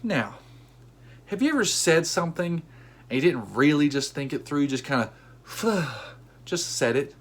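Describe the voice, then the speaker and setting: A man telling a comedic story about his everyday life, animated, bursting into high-pitched outbursts when he acts out what people said. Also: normal speed.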